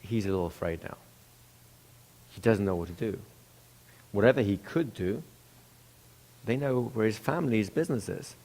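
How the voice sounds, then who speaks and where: A man's voice: lowish voice, normal speed, creaky, long pauses, a little mellow. A man telling a story in a casual, conversational way, with restarts and asides to the listener.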